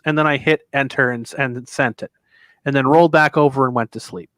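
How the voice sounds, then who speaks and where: A man in the middle of a long story, getting animated and putting on voices for the people in it. He talks loosely and swears freely. The sound is dry and close, with no room echo. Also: medium pitch, brisk. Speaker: podcast co-host telling a convention story. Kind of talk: casual storytelling.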